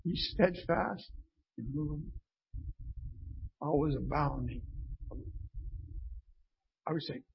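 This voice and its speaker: A man's voice: on the high side, slow, vocal fry, pauses often, husky. A man preaching an informal sermon, reading scripture and often asking his listeners "right?" in a conversational way. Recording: dull lo-fi recording.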